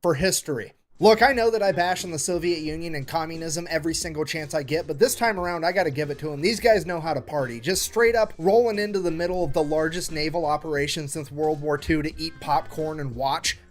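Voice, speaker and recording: A man with a high voice tells military history as a comedy bit. He keeps it sarcastic and punchy, and faint music plays underneath. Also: fairly quick, few pauses. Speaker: history video narrator.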